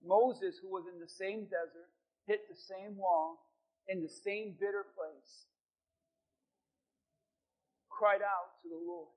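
High-voiced preaching pastor, dramatic. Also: male voice, fairly even intonation, takes it slowly, pauses often, lo-fi sound. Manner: dramatic preaching, shouts when acting out prayers. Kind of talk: sermon.

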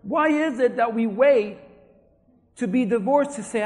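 High-voiced preacher man in a reverberant hall. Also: a little slow. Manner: emphatic preaching, swinging between shouts and low asides. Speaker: pastor. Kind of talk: sermon.

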